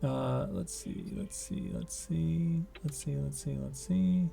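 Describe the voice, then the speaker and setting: A man's voice: a little high, takes it slowly, vocal fry, dark tone, slight background noise. A man narrating as game master of a tabletop game, rambling, with many fillers and self-corrections.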